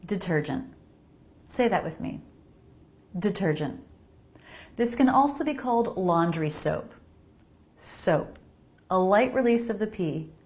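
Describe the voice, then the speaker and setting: Slow, careful American woman teaching pronunciation. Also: mid-range voice, expressive, darkish tone. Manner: slow, careful, models sounds and repeats words for the viewer. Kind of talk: English pronunciation lesson. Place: home laundry area.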